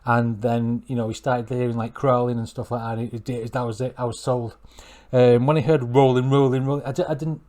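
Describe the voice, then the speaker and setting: A man's voice: medium pitch, fairly quick, hardly any pauses. A middle-aged man hosts a music reaction video. He rambles and keeps correcting himself as he gets worked up about a song. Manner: rambling, self-correcting, excitable. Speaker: music reaction channel host. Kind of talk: casual reaction commentary.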